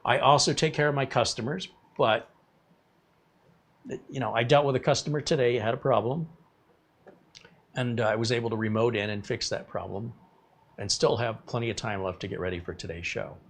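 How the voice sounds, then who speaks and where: With a mid-range voice and steady tone, a man in his fifties talks a little fast but pauses often. As host of a live tech stream, the tech YouTuber reads viewer comments and drifts casually from one topic to the next.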